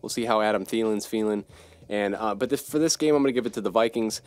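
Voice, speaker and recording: A man's voice: on the low side, fast talker. Blunt, profane male sports podcaster. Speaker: podcast host. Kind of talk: solo sports podcast commentary.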